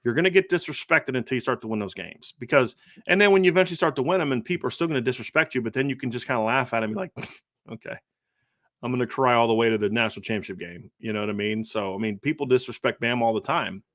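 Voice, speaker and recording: Fast-talking male sports podcast host. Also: mid-range voice, no room sound, clean studio sound. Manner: fast, animated, acts out quotes. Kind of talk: casual sports talk.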